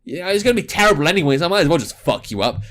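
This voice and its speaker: A man's voice: on the high side, very animated, rapid-fire, a bit bright. A young man reading a visual novel aloud and adding jokey, sarcastic asides. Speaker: gaming video host.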